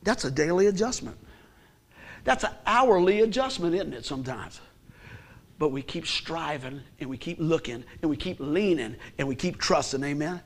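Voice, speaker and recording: High-voiced pastor preaching with humor. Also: male voice, animated, moderate pace. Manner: conversational, humorous preaching, call-and-response. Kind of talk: sermon.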